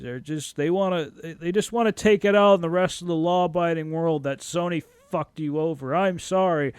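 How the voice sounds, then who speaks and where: A man's voice: sits high, clear, resonant tone, no room sound. A young man hosting his own podcast, ranting angrily and swearing freely, with laughs breaking through. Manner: angry, profane ranting; animated rant with laughs and frequent swearing. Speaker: podcast host. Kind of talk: solo podcast rant.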